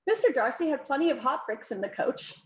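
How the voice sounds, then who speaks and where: A woman voicing a composed, polite young gentlewoman. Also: sits high, sing-song, fairly quick, roomy sound, far from the mic, highs cut off.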